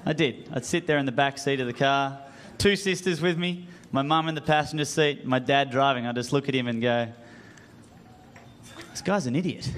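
A young Australian man with an Australian accent doing an animated, self-mocking stand-up routine on a comedy club stage. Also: mid-range voice, noisy background. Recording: live club with crowd laughter.

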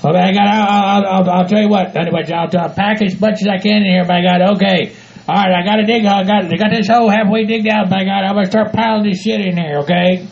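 A man doing a gravelly cussing hillbilly rancher. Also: sits high, steady tone, fast talker. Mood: grumbling. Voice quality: gravelly, exaggerated country hick voice. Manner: grumbles, swears, keeps repeating "by God". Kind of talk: comedy audio skit. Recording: dull lo-fi home recording.

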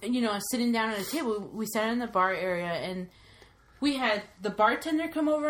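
Animated, swearing woman telling stories. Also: on the high side, a little fast. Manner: animated storyteller, swears freely, acts out the people she quotes. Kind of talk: casual chat.

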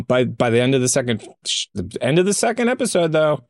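A man co-hosting a casual reaction chat, talking in a playful, animated way. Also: mid-range voice, creaky, no echo, studio quality. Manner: animated, playful, quick to laugh and joke. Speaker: co-host.

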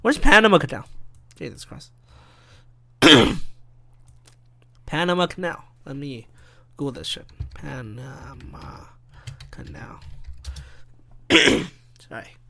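A man's voice: on the high side, very animated, takes it slowly, pauses often, bright, forceful tone, dry recording. A man hosting a solo podcast, rambling and interrupting himself as he riffs and laughs at his own jokes. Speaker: podcast host.

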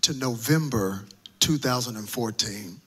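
A man in his thirties, a pastor from the United States, preaching a sermon to a congregation and telling a personal story with animated, comic delivery. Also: mid-range voice, measured pace, breathy edge. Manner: animated, comic storytelling with playful voice-acting of himself. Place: church service before a live congregation.

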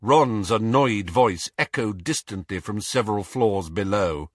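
A man narrating an audiobook in a husky, slightly breathy voice that moves widely up and down. He reads expressively, stretching some phrases and rushing others. The sound is dry and close. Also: on the low side, dry recording. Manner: expressive storytelling, shifting pace for tension. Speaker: audiobook reader.

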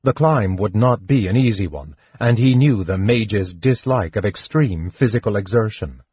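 A man narrates a fantasy audiobook in a low, husky voice. The recording is dull and dry, with no room sound. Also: animated, normal speed, darkish tone, no echo.

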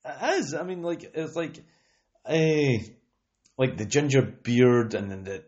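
Rambling Scottish podcast host, lo-fi. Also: male voice, medium pitch, expressive, slow pace, darkish tone, slight background noise. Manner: rambling, with many "you know what I mean" fillers. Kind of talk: casual chat. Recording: lo-fi podcast recording.

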